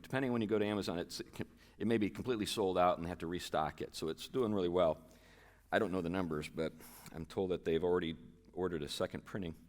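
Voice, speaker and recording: A man giving a casual, conversational talk to a men's group in a church hall, with fillers and chatty asides. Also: low-pitched. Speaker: guest speaker.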